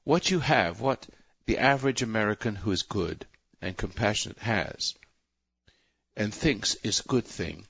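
Gravelly preachy man hosting call-in radio. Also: lowish voice, unhurried, fairly bright tone, no room sound, highs cut off. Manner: rambling, self-interrupting, preachy. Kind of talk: talk radio monologue.

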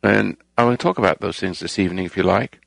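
A man's voice: low-pitched, quick pace, vocal fry, a bit bright, no echo. A man hosting a talk program, delivering a rambling, moralizing monologue and raising his voice to stress points. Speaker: radio show host.

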